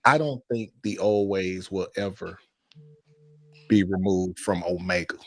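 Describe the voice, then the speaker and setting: A man's voice: sits low, measured pace, no room sound. A man giving his frank opinion in a casual group conversation. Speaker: fraternity brother in a panel talk. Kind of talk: casual chat.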